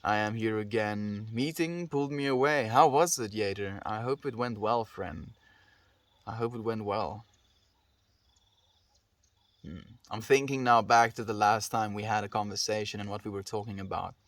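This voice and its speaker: A South African man hosts a relaxed live stream, reading messages aloud and answering each viewer with gentle affection. His voice sits a little low and comes across dry and close, with no room around it. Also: normal speed, no room sound. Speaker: livestreamer.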